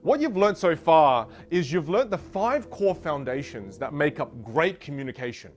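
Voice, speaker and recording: Lively man coaching on public speaking. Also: fairly high pitch, moderate pace, soft background music. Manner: energetic, rhetorical questions, demonstrates trailing off and fillers. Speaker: communication coach. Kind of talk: instructional lesson.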